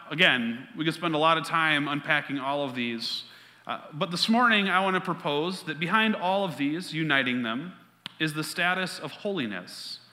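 Bright-voiced male pastor preaching in a hall. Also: a little high. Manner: emphatic preaching, repeats key lines, quick asides. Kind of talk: sermon. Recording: long reverb of a large hall.

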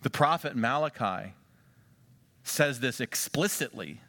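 Middle-aged male pastor, bright and sharp tone, conversational sermon delivery heavy on rhetorical questions. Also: medium pitch, animated, slow pace. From Western Pennsylvania.

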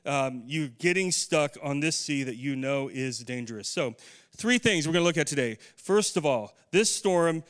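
A man's voice: on the high side, animated, moderate pace, fairly bright tone. A middle-aged man preaching a conversational sermon, putting questions to his congregation. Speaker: pastor.

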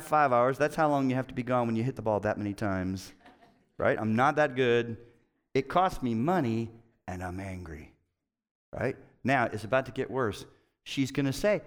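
Middle-aged pastor guy preaching, kinda high voice, jokey and animated, acts out the quotes. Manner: animated, self-mocking storytelling with playacted quotes. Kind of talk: sermon.

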